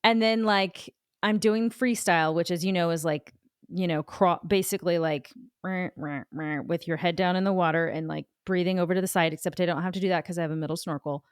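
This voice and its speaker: A woman in her forties co-hosts a podcast, telling a self-mocking story that rambles along with plenty of "like"s. Her voice is smooth and resonant. The recording is dry and close. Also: lowish voice, fairly even intonation, a little fast, dry recording. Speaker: podcast co-host. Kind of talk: casual chat.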